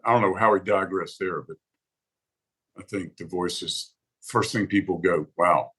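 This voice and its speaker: A man talks in a relaxed interview, his voice low and husky. He tells his stories with animated quoted reactions. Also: normal speed, rough recording. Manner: animated storyteller who acts out quoted reactions. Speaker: podcast guest, songwriter advocate. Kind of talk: casual interview conversation.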